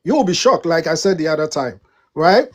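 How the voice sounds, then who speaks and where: A woman's voice: deep voice, animated, fairly quick, husky. A woman from Africa with an African accent, arguing defiantly in a live debate and often restarting her words. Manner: defiant, stammering restarts, repeats "listen" and "right". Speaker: debate panelist.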